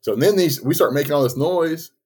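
A man co-hosting a podcast, telling a story in casual chat, lively and swearing as he acts out quotes. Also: fairly high pitch, brisk, breathy edge. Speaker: podcast co-host.

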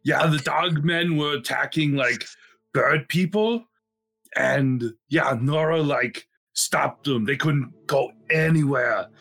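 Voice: medium pitch, takes it slowly, vocal fry, a bit bright, breathy edge. A tabletop player speaking in character in a playful, joking way. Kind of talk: tabletop game role-play. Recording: faint background music.

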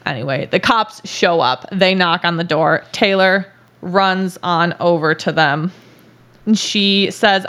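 Woman podcast host, casual chatty storyteller, laughs a lot, mid-pitched. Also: a little slow, fairly bright tone. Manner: chatty, laughs often, frequent filler words.

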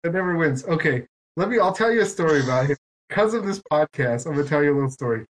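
Rambling storyteller man, a bit high voiced. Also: expressive, fast talker. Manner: rambling, self-mocking storytelling with lots of quoted back-and-forth. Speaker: podcast host. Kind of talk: casual chat.

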